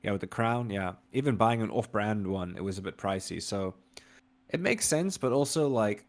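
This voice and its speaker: Low-voiced easygoing podcast co-host, a man. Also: lively intonation, moderate pace. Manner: easygoing, wry, often adds "you know". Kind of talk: casual chat.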